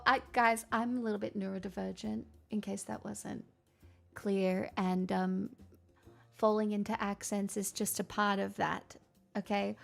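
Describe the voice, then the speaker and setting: A woman's voice: medium pitch, creaky, a bit bright. A young woman streamer chatting casually and candidly with viewers, rambling and swearing freely. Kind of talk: casual chat answering viewer questions.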